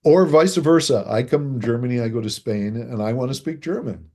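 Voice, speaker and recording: A man speaking as a guest author in a podcast interview, animated, acting out what people say and chuckling between points. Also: medium pitch, a little fast. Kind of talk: conversational interview.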